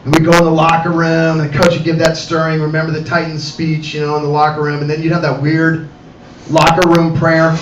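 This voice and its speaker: A middle-aged man performing animated stand-up comedy at a cafe comedy night, talking to the audience. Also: a little high, brisk. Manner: animated, acts out voices, addresses the audience. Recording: roomy, distant mic, loud background noise.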